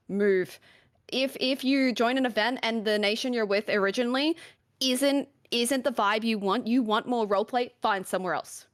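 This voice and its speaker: A woman's voice: fairly high pitch, no echo, clean studio sound. A woman on a video call giving earnest, emphatic advice in a casual chat. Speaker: panelist on a roleplay Q&A stream.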